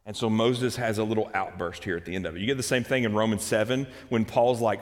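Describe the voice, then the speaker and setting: A man preaching a sermon, swinging between hushed, slow scripture reading and loud, urgent outbursts. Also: on the low side, long reverb tail. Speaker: pastor.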